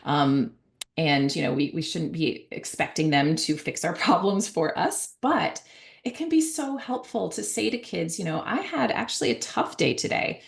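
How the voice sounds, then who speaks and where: Low-voiced woman with a gravelly edge. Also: a little slow. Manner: conversational, frequent fillers and self-corrections; acts out parent and child voices at a higher pitch. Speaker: author and guest speaker. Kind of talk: talk on parenting.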